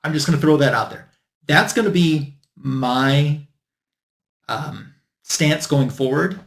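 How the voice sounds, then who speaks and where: A man's voice: a little high, takes it slowly, vocal fry. A man hosting his own comic book channel, telling a story in a casual, exasperated way and acting out what others said to him. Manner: exasperated, retelling a complaint with quoted dialogue.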